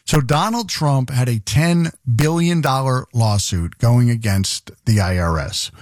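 Male talk host, sardonic and rambling, dry close mic, mid-pitched. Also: darkish tone, dry recording. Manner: rambling, sarcastic, exasperated asides. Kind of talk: news commentary monologue.

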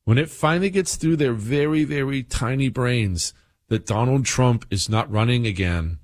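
A man's voice: mid-range voice, moderate pace. A man hosting a political talk radio show, delivering a heated, indignant monologue.

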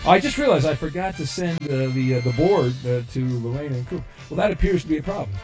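A radio host runs a call-in game show, rambling through fillers and jokes and stumbling over his words in loose, joking talk. His voice is fairly high and fast, with lively intonation and a darkish tone, over soft background music.

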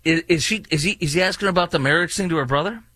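A man's voice: on the high side, rapid-fire, pushed and bright, no room sound. A man hosting a political talk radio show in a sarcastic, mocking manner, recorded on a studio microphone. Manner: mocking, jokey, puts on voices of people he mocks.

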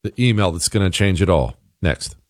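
A man's voice: expressive, normal speed, heavy background noise. Sarcastic male talk radio host. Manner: sarcastic, emphatic, swings into mocking pitch jumps. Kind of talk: opinionated talk radio monologue.

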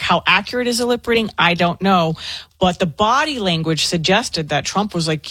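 A woman co-hosting a talk radio show, giving a quick newsy recap in a dry studio sound. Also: mid-range voice, a bit bright, no room sound. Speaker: radio co-host.

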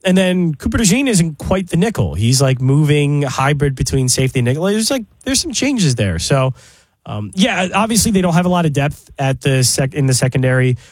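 A man's voice: fairly high pitch, big pitch swings, a little fast, slightly rough, no room sound, low-quality recording. A man chatting casually about football as a podcast co-host, with lots of fillers. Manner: casual, filler-heavy, amused. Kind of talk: casual sports chat.

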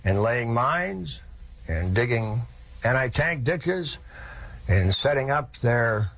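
A man's voice: mid-range voice, expressive, takes it slowly, fairly bright tone, breathy edge. A man telling a historical story in a folksy, vivid lecturing manner, with asides to his listeners.

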